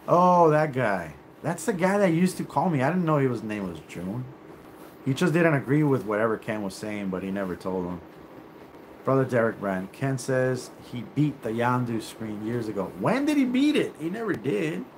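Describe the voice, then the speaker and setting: A man's voice: medium pitch, fairly bright tone, a little hiss or hum. A man hosting a livestream, ranting in a profane, confrontational and rambling way. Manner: rambling, with many fillers and restarts. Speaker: livestream host. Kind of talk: live rant on a stream.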